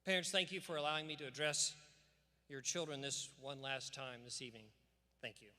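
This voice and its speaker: A man with a mid-range, bright, pushed voice speaks briskly, delivering an earnest, emphatic commencement address with scripture readings in a preacherly cadence. He's in a large church sanctuary, and the recording carries the long reverb of a big hall plus slight background noise.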